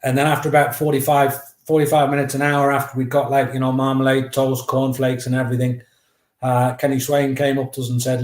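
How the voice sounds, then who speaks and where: A man's voice: mid-range voice, fairly quick. Chatty man telling a story. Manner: lively, anecdotal, acts out dialogue. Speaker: guest, memoir author. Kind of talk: casual storytelling. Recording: roomy echo.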